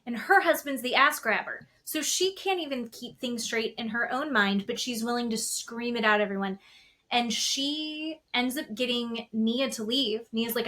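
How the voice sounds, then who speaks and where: A woman co-hosting a podcast, recapping reality TV in casual chat, animated, acting out quotes and swearing freely. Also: fairly high pitch, normal speed. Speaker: podcast co-host.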